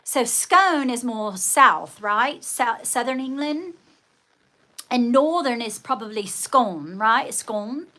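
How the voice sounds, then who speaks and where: A woman's voice: fairly high pitch, slow, sharp tone. A woman hosting a casual livestream, chatting with viewers and thanking them, often calling them darling. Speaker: livestream host.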